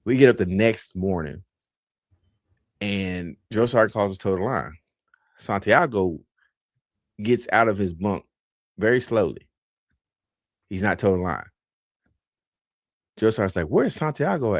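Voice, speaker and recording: A man's voice: on the low side, unhurried, pauses often, no room sound. A man hosting a podcast, telling a laid-back, rambling story with many fillers, close to the mic. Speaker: podcast host. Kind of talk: casual storytelling.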